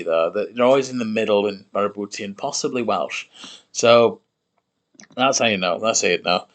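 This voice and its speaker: A man on a casual livestream, musing aloud and slowly sounding out invented words, often correcting himself as he goes. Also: mid-range voice. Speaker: streamer building a constructed language.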